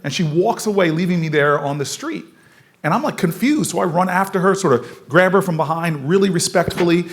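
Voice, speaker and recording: A man in his forties from the United States giving an energetic storytelling speech at a forum, laughing often as he moves around the room. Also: high voice, brisk, a little hiss or hum. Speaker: political speaker at a forum.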